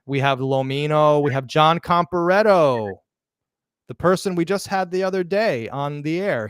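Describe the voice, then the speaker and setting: A man hosts a live podcast in an excited, emphatic rush, tripping over words and starting them again as he goes. His voice is smooth and resonant, and the sound is dry and close, with no room around it. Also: medium pitch, no room sound. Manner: excited, emphatic, with restarts and stumbles. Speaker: podcast host.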